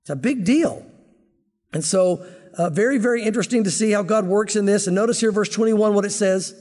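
Middle-aged pastor guy preaching, high voice, long echo in a church hall. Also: fairly quick, darkish tone. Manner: conversational, earnest teaching. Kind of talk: expository sermon.

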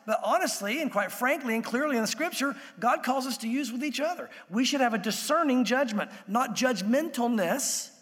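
Male pastor with a high voice, conversational sermon delivery, long hall reverb. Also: animated, moderate pace, few pauses, fairly bright tone. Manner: conversational preaching, acts out quoted voices.

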